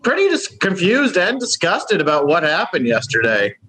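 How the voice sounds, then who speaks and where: A man doing a deadpan, halting correspondent bit in an improvised comedy segment, talking over a remote call. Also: sits high, slight background noise, exaggerated voice.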